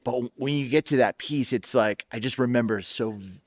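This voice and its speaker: A man in his forties hosting a podcast, speaking in an animated, personal storytelling way in casual conversation. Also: medium pitch, normal speed, no echo, studio quality. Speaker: podcast host.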